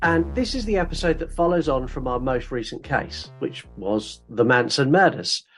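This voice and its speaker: A man's voice: mid-range voice, expressive, moderate pace, faint music behind. A man co-hosting a true crime podcast, joking and blunt in casual chat. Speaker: podcast co-host.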